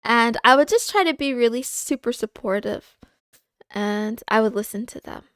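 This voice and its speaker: A woman streamer chatting casually on a livestream, halting and confiding, with frequent pauses and restarts. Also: a little high, fairly bright tone, smooth, no echo, clean studio sound. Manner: halting, with many fillers and restarts; candid and confiding.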